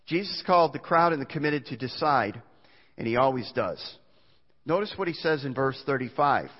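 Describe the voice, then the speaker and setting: A man's voice: mid-range voice, animated, normal speed, husky. Pastor, male, earnest sermon delivery, reverberant muffled church recording. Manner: earnest preaching, reads scripture aloud, small restarts. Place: church sanctuary.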